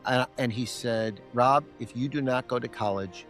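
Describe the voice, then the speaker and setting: A middle-aged man tells a personal story as a podcast guest, voicing both himself and the other speaker in a remembered exchange. His voice sits at an ordinary pitch for a man. Faint music plays underneath. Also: moderate pace. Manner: animated, acts out both sides of remembered dialogue.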